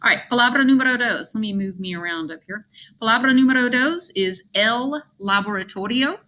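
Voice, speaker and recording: A woman's voice: on the high side, fairly quick, sharp tone. A woman who is a Spanish teacher, giving a recorded online vocabulary lesson in an upbeat, chatty way with self-deprecating asides, moving between English and Spanish words.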